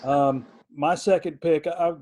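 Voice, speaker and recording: A man chatting on a podcast with a slightly husky, raspy edge and a voice a little higher than most men. He laughs easily and jumps in to quote lines he loves. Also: fairly even intonation, normal speed, dark tone. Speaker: podcast co-host. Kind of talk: casual chat.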